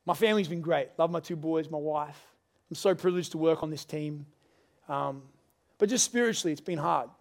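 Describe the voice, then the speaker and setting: A middle-aged man preaching a sermon as pastor, earnest and confessional, rising to loud pleading. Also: fairly high pitch, a little fast, gravelly. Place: church service.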